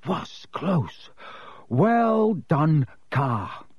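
A man voicing a nervous, excitable teenage boy wizard, anxious and pleading, breaking into yells, in a higher, thinner voice than his narration. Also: drawn-out words, creaky, dry recording, lo-fi sound, exaggerated voice. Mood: breathless.

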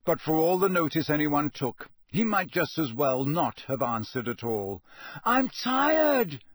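A man reading an audiobook in a measured, steady storytelling voice. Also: on the high side, dry recording, studio quality. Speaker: narrator. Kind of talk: audiobook narration.

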